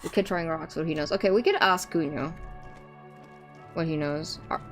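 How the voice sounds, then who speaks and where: A woman's voice: low-pitched, moderate pace, faint music behind. A woman streamer chatting casually to her viewers while playing a game, rambling with fillers and restarts. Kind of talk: casual gameplay commentary.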